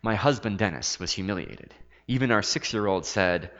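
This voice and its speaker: A man reading a first-person story aloud, expressive and dramatic with soft hushed asides, in a dull lo-fi recording with a long reverb. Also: lowish voice, moderate pace.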